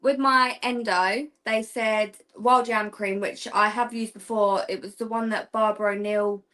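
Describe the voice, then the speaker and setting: A woman's voice: mid-range voice, fairly even intonation, a little slow, sharp tone. A young woman chatting as a guest, telling a story in a rambling way with fillers and giggles. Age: young adult. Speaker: guest, practicing witch. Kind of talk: casual chat.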